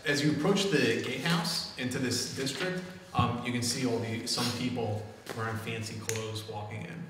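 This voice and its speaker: A man's voice: mid-range voice, moderate pace, background noise. Guy running a tabletop game, sounds far off in a super echoey room, chill and jokey. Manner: laughs often, swears casually. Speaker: game master.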